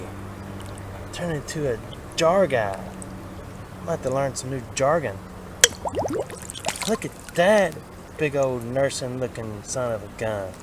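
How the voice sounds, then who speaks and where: A man, chatting excitedly to himself and his viewers as he searches a creek outdoors. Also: a little high. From Alabama. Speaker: vlogger. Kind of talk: casual outdoor narration. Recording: outdoor recording with clear background noise.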